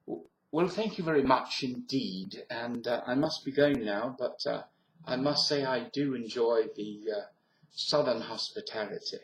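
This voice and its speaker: A man's voice: medium pitch, a little slow, natural voice. A man voicing a polite, formal visitor, hesitating as he speaks. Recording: roomy webcam recording.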